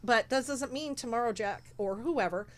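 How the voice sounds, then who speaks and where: A woman's voice: on the high side, normal speed. A woman guest in casual chat who organizes charity shows, talking in a rambling, emotional way and acting out what others said. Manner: rambling, emotional, acts out quotes.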